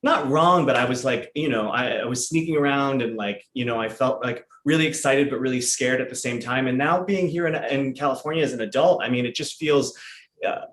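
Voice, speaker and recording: A man's voice: mid-range voice, a little fast, fairly bright tone, roomy sound, a little hiss or hum. A man from the Midwest talking as a comedian guest, loose and joking with many fillers. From Midwest, near Chicago. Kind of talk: casual chat.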